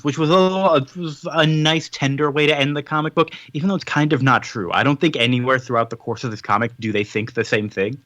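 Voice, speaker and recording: A man co-hosting a podcast in casual chat, summarizing a story with quick acted-out quotes. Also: mid-range voice, sharp tone, no echo. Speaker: podcast co-host.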